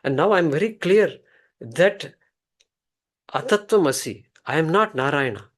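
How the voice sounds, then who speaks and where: A man voicing a proud scholar who broods in a quiet inner monologue. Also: on the high side, lively intonation, measured pace. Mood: brooding.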